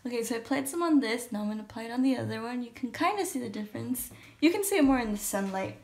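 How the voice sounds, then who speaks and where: A woman's voice: on the high side, animated, rapid-fire, gravelly. Chatty young woman in an echoey room. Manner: chatty, hesitant, thinking aloud. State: morning voice. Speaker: beauty vlogger. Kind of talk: casual makeup tutorial. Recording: echoey room, mic at a distance. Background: shower running in another room.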